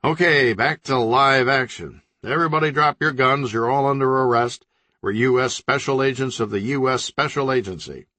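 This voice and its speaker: A man's voice: sits high, very animated, normal speed, hardly any pauses, slightly rough, no echo, pitched above the performer's own voice, exaggerated voice. A man doing an exasperated ninja squad leader. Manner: exasperated, barking orders.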